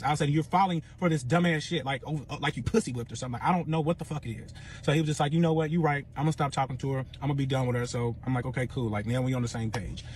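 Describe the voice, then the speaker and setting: A man's voice: medium pitch, racing, few pauses, slight background noise. A young man telling a personal story in casual, profane speech, acting out the other people's lines as he goes. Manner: profane, animated retelling with quoted dialogue.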